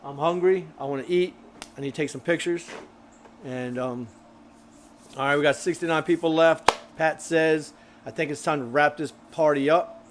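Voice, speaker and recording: A man hosts a casual grilling live stream, talking in a loose, rambling way full of fillers. His voice sits a little high for a man, and he sounds slightly out of breath. A faint hum of ambient noise stays in the background. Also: fairly even intonation, moderate pace. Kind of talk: casual live-stream chat reading viewer comments.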